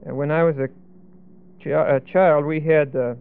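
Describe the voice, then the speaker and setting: A man's voice: a little high, steady tone, normal speed, creaky, clean tone. A man teaching a Bible passage in an explanatory, emphatic way, often checking in with "okay?" and "see?". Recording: tinny phone-like lo-fi sound.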